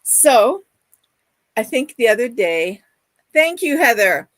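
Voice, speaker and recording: A woman's voice: on the high side, big pitch swings, slow pace, no echo. Chatty, gushing middle-aged woman. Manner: chatty, reads viewer comments aloud; affectionate and gushing. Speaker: livestream host. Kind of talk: casual livestream chat.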